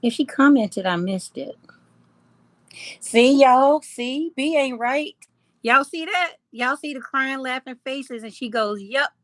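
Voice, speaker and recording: Lady chatting on her live stream, slow easy talk, laughs a lot, dry close sound. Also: sits high, no echo. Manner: laughs often, teasing and chatty. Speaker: livestream host. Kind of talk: casual live chat reading comments.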